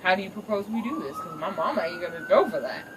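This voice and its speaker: A woman's voice: medium pitch, big pitch swings, fast talker, close to an everyday voice. A woman voicing a young male lion who talks in a casual, slangy drawl. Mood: laid-back. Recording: distant mic, noisy ambience.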